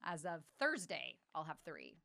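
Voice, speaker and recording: A woman in her thirties co-hosting a church podcast, chatting casually with bubbly, quick reactions. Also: low voice, huge pitch swings, gravelly, sharp tone. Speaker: podcast co-host.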